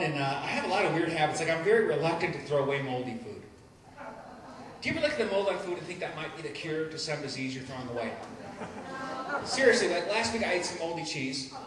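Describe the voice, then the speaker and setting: A man's voice: on the high side, far from the mic. A man doing a stand-up comedy set, rambling and self-deprecating, often stumbling and restarting his sentences. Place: live comedy venue. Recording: echoey live room mic, noisy.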